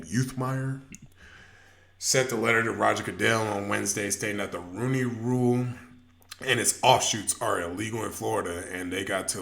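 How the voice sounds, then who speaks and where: A man's voice: sits low, fairly bright tone. A man co-hosting a sports podcast, talking in a laid-back, hesitant way with many fillers. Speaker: podcast co-host. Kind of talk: casual sports chat.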